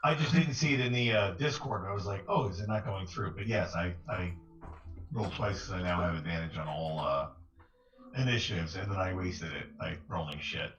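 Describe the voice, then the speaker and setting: Low-voiced guy at a tabletop game, pokes fun at his own rolls, echoey room. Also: brisk, highs cut off, background noise. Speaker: player. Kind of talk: casual chat. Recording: roomy echo.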